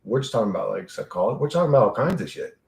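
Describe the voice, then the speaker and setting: Casting: male livestream host, gravelly mid-range voice, loose profane rambling, echoey room. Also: mid-range voice, very animated, rapid-fire, darkish tone. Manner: rambling, profane, reads chat aloud. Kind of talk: casual livestream chat.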